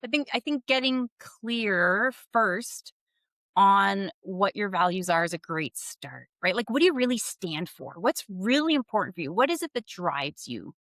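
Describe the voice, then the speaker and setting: A woman's voice: medium pitch, lively intonation, measured pace, fairly bright tone, no echo, clean studio sound. A woman executive coach talking candidly and reflectively as a podcast guest, laughing lightly and posing questions to herself. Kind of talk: conversational podcast interview.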